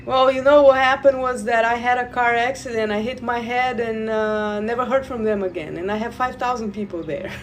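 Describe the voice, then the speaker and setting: A woman who guides Reiki, talking slowly and loosely to viewers in a live stream, repeating words and addressing them directly. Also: a little high, fairly even intonation. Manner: slow, meandering, repeats words, talks to viewers. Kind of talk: live spiritual stream talk.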